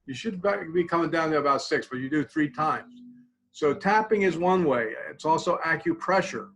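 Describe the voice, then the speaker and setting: An older man, a college support clinician, calmly teaching a tapping technique in a webinar, often dropping to quiet repeated phrases. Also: a little high, normal speed, poor audio.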